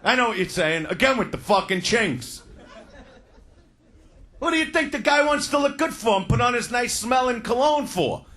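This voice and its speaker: Loud crude comic with a bright, high voice. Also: male voice, lively intonation, moderate pace. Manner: crude, loud, shouting punchlines. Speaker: stand-up comedian. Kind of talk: stand-up comedy. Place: comedy stage before a live audience.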